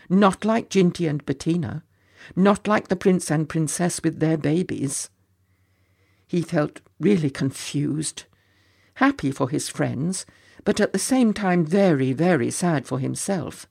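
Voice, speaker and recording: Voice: mid-range voice, creaky, a little mellow, husky. A storyteller reading a children's story aloud, with playful, chatty asides to the listeners. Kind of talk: storybook narration.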